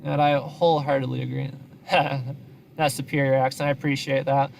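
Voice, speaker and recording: A man's voice: mid-range voice, flat delivery, normal speed, creaky, slight background noise. A talkative man from Wisconsin with a Wisconsin accent, rambling casually to his live-stream viewers from a parked car. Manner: talkative, rambling, self-deprecating. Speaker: live-streaming news chaser.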